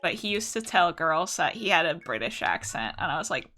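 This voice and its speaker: A woman's voice: fairly low pitch, sing-song, a little fast, bright, forceful tone, faint music behind. A young woman from the United States chatting casually and profanely while answering chat on an art stream.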